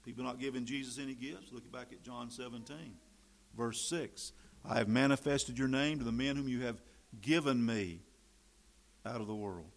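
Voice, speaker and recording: Man, preacher, sermon, mid-pitched voice, emphatic then folksy and conversational. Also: moderate pace, gravelly. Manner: rises to loud emphatic preaching, drops to quiet asides; folksy, conversational storytelling between scripture readings.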